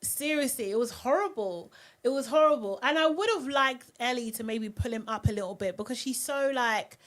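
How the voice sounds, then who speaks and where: A woman hosting a live reality TV recap, talking in an animated, outspoken way. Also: a little high, a little fast. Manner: animated and outspoken, often mocking voices. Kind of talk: live recap and review chat.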